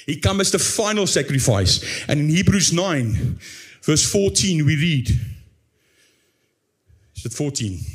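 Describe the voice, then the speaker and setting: A man's voice: a little high, big pitch swings, a little slow. Dramatic male preacher, pleading and intoning. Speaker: pastor. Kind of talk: sermon.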